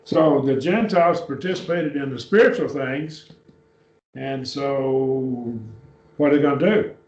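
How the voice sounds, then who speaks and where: A man's voice: mid-range voice, a little slow, a little mellow. A man teaching a Bible class, explaining step by step and often checking with "okay?". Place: church classroom. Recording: echoey, distant, dull classroom recording.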